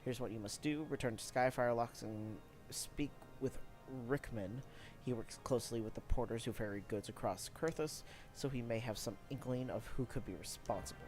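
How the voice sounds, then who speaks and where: A man's voice: medium pitch, a little mellow, soft background music, close to an everyday voice. A man reading as a grave noble knight. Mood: earnest. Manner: formal, measured reading. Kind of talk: reading game dialogue aloud.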